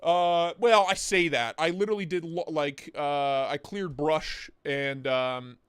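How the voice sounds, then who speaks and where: A man's voice: on the high side, steady tone, unhurried, smooth, no echo, studio quality. A man in his thirties hosting a livestream, chatting casually and rambling with jokes and swearing, sore in the neck and back. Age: 30s. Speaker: livestream host.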